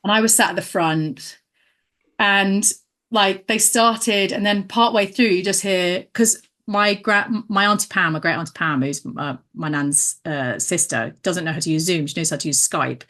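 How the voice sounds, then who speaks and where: Animated woman telling stories. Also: on the low side, moderate pace. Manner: animated storyteller, acts out quotes, laughs often. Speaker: guest, actress and comedian. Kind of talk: casual anecdote telling.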